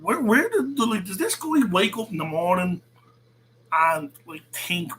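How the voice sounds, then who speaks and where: A man hosting his own channel, reacting with laughter and free swearing in a mocking, casual commentary. His voice is bright and slightly high, with faint noise in the background. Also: expressive, a little slow, low-quality recording. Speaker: YouTube channel host.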